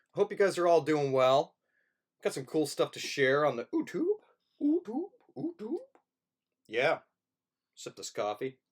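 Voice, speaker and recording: A man, a film teacher, chatting playfully and rambling through a casual livestream to his students. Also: medium pitch.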